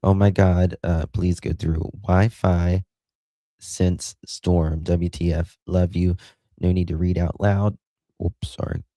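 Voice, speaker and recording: Slow and warm, with a low pitch and level tone, an American man chats with his livestream viewers on an echo-free recording. He reads their comments casually and affectionately, calling out names to thank them and laughing often.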